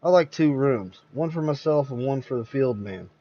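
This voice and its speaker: A man voicing a smooth-talking male con man who passes himself off as an oil locator, breezy and ingratiating. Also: medium pitch, animated, normal speed, dark tone, highs cut off, natural voice.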